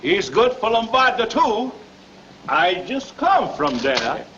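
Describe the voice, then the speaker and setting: An actor playing a scheming rival Italian grocer who needles in broken English with an Italian accent. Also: male voice, high voice, big pitch swings, slow pace, full character voice. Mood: needling. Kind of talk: 1930s film acting. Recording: dull scratchy 1930s film soundtrack.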